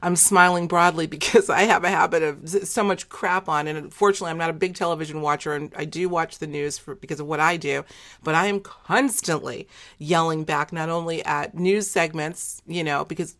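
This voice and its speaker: A woman hosting an interview, talking emphatically in quick bursts and laughing often. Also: sits low, steady tone, a bit bright. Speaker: interview host. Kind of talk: enthusiastic interview chat.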